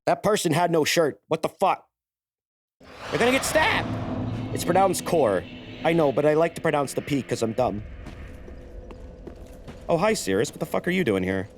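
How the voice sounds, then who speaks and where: A man's voice: a little high, animated, normal speed, pauses often, background noise. A man streaming a game, chatting casually and cursing while he explains the lore. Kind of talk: casual gameplay commentary.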